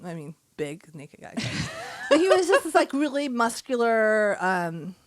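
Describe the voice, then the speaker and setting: A woman's voice: on the high side, very animated, measured pace, dry recording. A woman co-hosting a casual podcast, telling stories with frequent giggles and reading a short story aloud. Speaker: podcast co-host.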